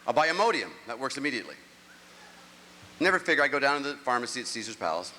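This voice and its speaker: Stand-up comic, man, middle-aged, bright edgy voice, rambling self-mocking stories, live hall reverb. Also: mid-range voice, big pitch swings, quick pace. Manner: rambling, self-mocking storytelling with act-outs. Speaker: stand-up comedian. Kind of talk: stand-up comedy set. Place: large live venue, on stage. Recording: live show audio with long hall reverb.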